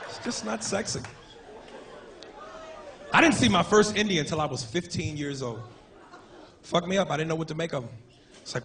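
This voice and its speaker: A man's voice: a little high, animated, fairly quick, long pauses, a crowd in the background. Swaggering, profane male stand-up comic. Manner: profane, swaggering, punchy delivery. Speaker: stand-up comedian. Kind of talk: stand-up comedy set. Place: comedy club. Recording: noisy live club recording.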